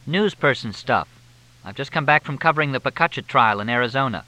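A sharp, teasing woman reporter voiced by a man in an audiobook, pitched noticeably high. Her lively, bright delivery is full of dry, quick, playful banter. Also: no echo, poor audio.

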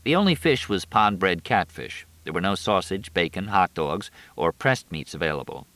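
A man reading a story aloud as narrator, in an expressive storytelling manner. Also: sits low, moderate pace, no room sound. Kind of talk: audiobook narration.

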